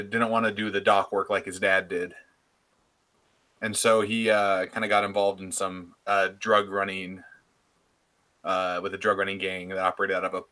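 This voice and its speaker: A man's voice: on the low side, a bit bright. A man playing a tabletop roleplaying game, describing his character in a hesitant way with many fillers. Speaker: player. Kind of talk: casual tabletop play.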